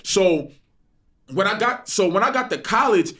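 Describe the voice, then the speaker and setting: A man's voice: high-pitched, animated, measured pace, sharp tone. A young man with a New York accent, telling stories animatedly in street slang on a casual podcast. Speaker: podcast host.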